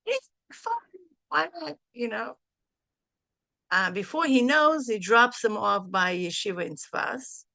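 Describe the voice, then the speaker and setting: A middle-aged woman tells a story to a group, acting out both sides of a phone call with lively voices. Her voice is bright and sharp with a gravelly edge, recorded close and dry. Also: medium pitch, dry recording. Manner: sprinkles in Hebrew and Yiddish phrases. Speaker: mastermind group leader.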